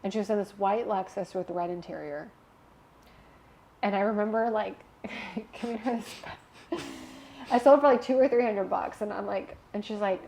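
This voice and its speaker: A young woman guest telling a personal story in a candid interview, animated and emotional, laughing at times. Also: mid-range voice, moderate pace, creaky, long pauses, a little hiss or hum.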